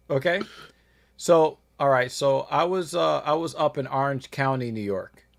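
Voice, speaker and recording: A man's voice: mid-range voice, measured pace, creaky, dry recording. A man co-hosting a casual podcast, telling a brash, boastful story and often laughing. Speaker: podcast co-host.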